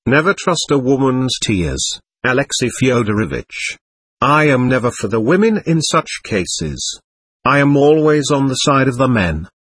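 A man reading the lines of a fussy, excitable middle-aged lady who gushes in breathless exclamations. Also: mid-range voice, unhurried, husky, no echo, heavily acted. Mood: gushing.

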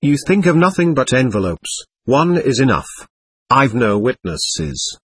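A man voicing a delirious young man raving slowly in court, in a husky voice with a lively pitch. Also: no room sound, studio quality, exaggerated voice. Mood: brooding. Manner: rambling, slow and brooding.

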